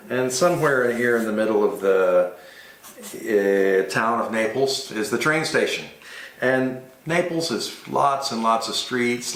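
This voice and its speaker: A man recounting a wild cab ride abroad as an expat, telling it with animated energy and vivid sound effects. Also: mid-range voice. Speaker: expat storyteller. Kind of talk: casual travel storytelling. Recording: roomy echoey room.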